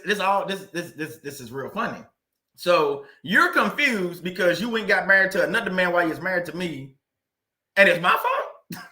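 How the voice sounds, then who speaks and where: A man hosting a casual livestream, telling a personal story and reading viewer comments, animated and laughing often, repeating words for emphasis. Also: high voice.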